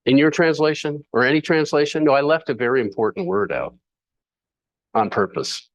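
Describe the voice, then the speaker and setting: A man's voice: mid-range voice, expressive, moderate pace. A man teaching a sermon in a conversational way, with playful asides and rhetorical questions. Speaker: Bible teacher.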